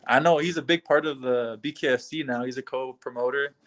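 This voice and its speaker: A man's voice: mid-range voice, fairly even intonation, brisk. A young man from Canada, a fighter answering interview questions in an easygoing way over a video call. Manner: easygoing, laid-back, with frequent soft laughs.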